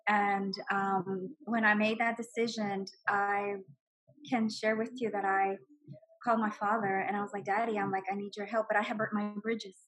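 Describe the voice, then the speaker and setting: A woman in her forties sharing an emotional personal testimony, telling it in a heartfelt, animated way. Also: medium pitch, normal speed, rough recording. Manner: heartfelt, animated storytelling with laughs. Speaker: guest sharing her story.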